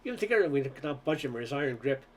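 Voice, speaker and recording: A man's voice: medium pitch, very animated, racing, a little hiss or hum. A man reading a novel aloud in earnest storytelling, now and then stumbling over words. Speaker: audiobook reader.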